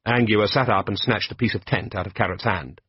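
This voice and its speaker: A man narrates a comic fantasy audiobook with a dry, wry touch, at a middle pitch. His voice is a little husky, and the recording is close and dead, with a muffled, dull tone. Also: a little fast, no room sound. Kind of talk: scripted narration.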